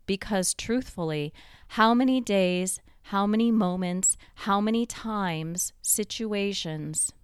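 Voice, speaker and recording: A woman giving a reflective motivational talk, slowing down to stress key points and building them through repeated phrases. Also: mid-range voice, clear, resonant tone, dry recording, clean studio sound. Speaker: motivational speaker.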